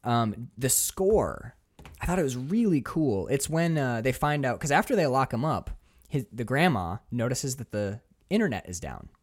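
A man co-hosting a casual movie discussion, excitable and swearing freely. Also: medium pitch, moderate pace. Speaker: podcast co-host.

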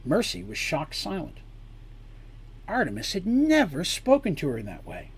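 A man reading a fantasy story aloud in an expressive way, adding asides for his listeners. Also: high voice, moderate pace, gravelly, husky.

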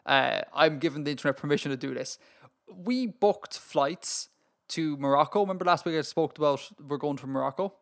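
An Irish man chatting on a podcast with a slightly high voice. He rants in an animated way, trips over his words and laughs as he goes. It sounds like casual talk between friends. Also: a little fast, vocal fry. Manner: animated, ranting, laughs often. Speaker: podcast co-host. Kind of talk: casual chat.

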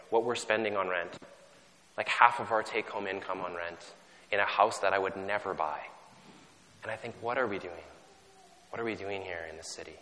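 A man's voice: fairly low pitch, bright, forceful tone. A man from Canada preaching a sermon in a conversational, self-deprecating way, often restarting his sentences. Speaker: pastor. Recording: long hall reverb.

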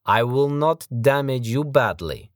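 A man voicing a huge, brash Mongolian enforcer who speaks slow, broken English with a mocking edge. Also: mid-range voice, expressive, no room sound, studio quality, voice pushed up, lightly acted.

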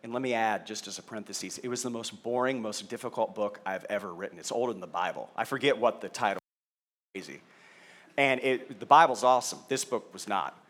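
A man's voice: on the low side, fairly quick, a bit bright. A man preaching a sermon to a live audience into a stage microphone, telling stories with self-deprecating humor and asking the audience questions. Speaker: pastor. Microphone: handheld or stage microphone.

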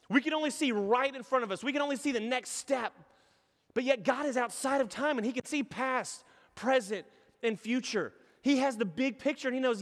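A pastor in his thirties, with a very high-pitched voice and moderate pace, gives a sermon in a space with big-room acoustics. He animates his stories by voicing the characters himself.

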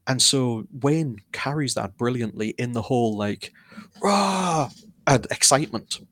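A man's voice: medium pitch, normal speed, fairly bright tone, dry recording. A man, speaking as an author guest in a casual interview, candid and self-deprecating as he tells his story.

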